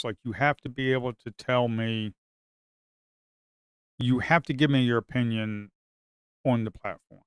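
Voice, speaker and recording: A man's voice: mid-range voice, fairly even intonation, a little slow, long pauses, smooth, no echo, clean studio sound. A man streaming his live trading who talks bluntly, swears, and repeats himself as he gets exasperated. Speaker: day trader streaming live. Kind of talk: casual live commentary while trading.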